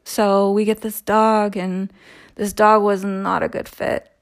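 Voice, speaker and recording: A woman speaks slowly at a middle pitch, telling a personal story in a loose, conversational way. She sighs and trails off between thoughts and takes her time with each phrase. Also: level tone, no room sound, clean studio sound. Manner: slow, unhurried, with sighs and trailing pauses.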